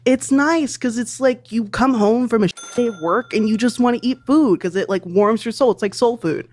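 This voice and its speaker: A woman's voice: on the high side, a little fast, darkish tone. A woman guest in a money interview, talking in a playful, unbothered way. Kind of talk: casual chat.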